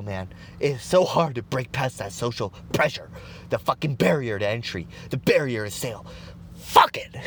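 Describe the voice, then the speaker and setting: A man delivering an intense, profanity-heavy motivational rant, swearing constantly and breaking into shouted bursts. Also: medium pitch, slight background noise. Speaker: motivational speaker.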